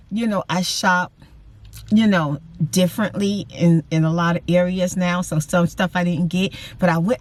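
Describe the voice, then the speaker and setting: Chatty middle-aged woman vlogger. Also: medium pitch. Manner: chatty and animated, addresses viewers as y'all, says freaking often. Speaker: vlogger and host. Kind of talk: casual chat.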